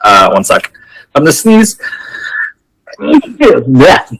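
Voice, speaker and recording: A man's voice: a little high, wildly swooping pitch, extremely slow, fairly bright tone, breathy edge, low-quality recording. A man co-hosting a podcast in casual chat, laid-back and hesitant, often restarting his sentences. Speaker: podcast co-host.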